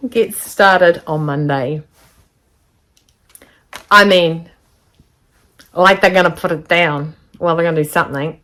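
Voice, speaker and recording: A woman chatting casually to camera from her home sewing studio, rambling and excitable as she shows her makes. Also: low voice. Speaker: sewing vlogger.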